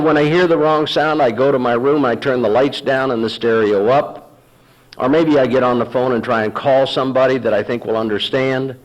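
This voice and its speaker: A man's voice: medium pitch, low-quality recording. A man speaking at a recovery meeting, telling his own story and acting out past arguments in a storytelling manner. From Texas. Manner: storytelling, acts out dialogue with sarcasm. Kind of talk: personal testimony talk.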